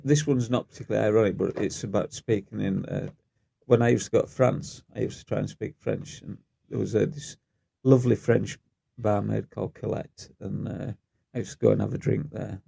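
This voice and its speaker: Yorkshire guy, super gravelly and dark voice, dry easygoing chat. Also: lowish voice, steady tone, fairly quick. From Yorkshire, England. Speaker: podcast co-host. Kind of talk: casual chat, telling anecdotes.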